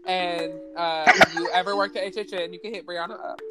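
A woman's voice: fairly low pitch, steady tone, moderate pace, loud music behind the voice. A woman co-hosting a casual podcast, reacting and teasing her co-host. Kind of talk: casual chat.

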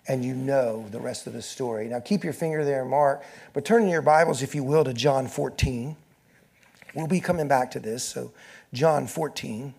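A man's voice: medium pitch, fairly even intonation, moderate pace, creaky, a little mellow. A male pastor preaching a sermon, reading scripture aloud and building in intensity as he addresses the congregation.

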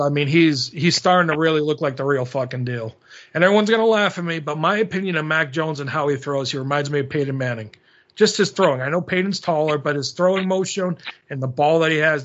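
A man's voice: a little high, fairly bright tone, slight background noise. A man hosting a podcast, in casual chat, brash, jokey and full of swearing. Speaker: podcast host. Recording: dull lo-fi audio.

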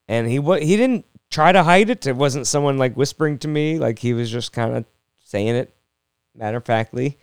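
A young man riffs through a loose, self-mocking comedy monologue, stumbling over restarts as he goes. His voice is smooth and clear, at an average pitch for a man. It sits dry and close to the mic. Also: no room sound. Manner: rambling, self-deprecating, jokey with frequent restarts. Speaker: comedian and podcast host. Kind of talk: casual solo podcast monologue.

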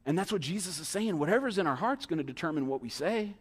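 Male pastor, sermon delivery, high lively voice, church reverb. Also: fast talker, slightly rough. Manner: animated preaching, mimics excuses in asides. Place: church sanctuary. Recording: long hall reverb.

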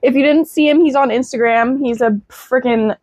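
High-pitched woman podcast cohost, jokey, swears a lot, dry close sound. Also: fairly even intonation, normal speed, darkish tone, no room sound. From southern United States. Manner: chatty, jokey, swears freely. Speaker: podcast co-host. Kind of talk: casual chat. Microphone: small shared microphone.

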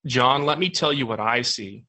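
A man's voice: mid-range voice, moderate pace, pushed and bright. Earnest male mentor in a spoken anecdote, pressing questions, as a man puts him on. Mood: insistent.

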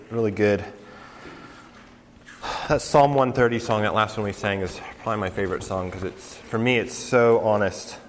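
A young man, a campus pastor talking casually to a student group, his voice nasal from a cold, with lots of relaxed fillers. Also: mid-range voice, a little hiss or hum. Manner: relaxed, conversational, many fillers. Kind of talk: casual sermon announcements. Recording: reverberant hall.

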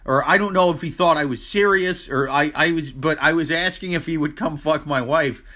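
A man's voice: fairly high pitch, normal speed, sharp tone. A man in a casual podcast chat, telling a profane story and acting out phone calls in voices. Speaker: podcast co-host.

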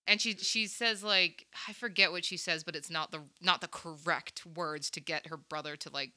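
Young woman podcast host, chatty movie recap, very bright clear voice, slightly low. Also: moderate pace. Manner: chatty, animated retelling with quoted voices and laughs. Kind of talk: casual movie recap chat.

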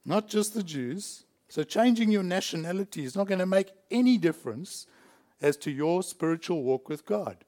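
A man's voice: high voice, animated, normal speed, a little mellow. A man from South Africa preaching a sermon in a church, emphatic and chuckling between points. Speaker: pastor.

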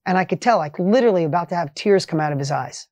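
Energetic emphatic man telling a story. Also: fast, dry recording. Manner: emphatic and energetic, swings between loud highs and quiet asides. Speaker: motivational podcast host and coach. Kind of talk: motivational storytelling monologue.

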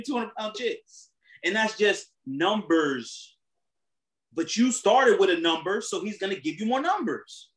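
A man's voice: high voice, lively intonation, measured pace, low-quality recording. A man co-hosting a podcast in casual chat, telling stories and acting out the exchanges he quotes. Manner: storytelling, acts out quoted exchanges, laughs often. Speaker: podcast co-host.

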